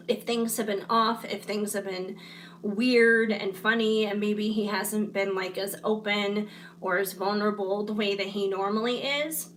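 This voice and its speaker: A woman giving a chatty live-streamed tarot reading, her voice hoarse from hours of talking. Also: medium pitch, fairly bright tone, slight background noise. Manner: chatty, reassuring, apologetic asides. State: hoarse, clearing her throat. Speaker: tarot reader.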